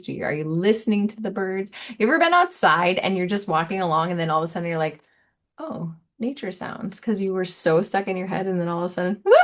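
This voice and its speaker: A woman giving a casual, meandering tarot reading, soft and giggly, repeating words playfully. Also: fairly low pitch. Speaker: tarot reader.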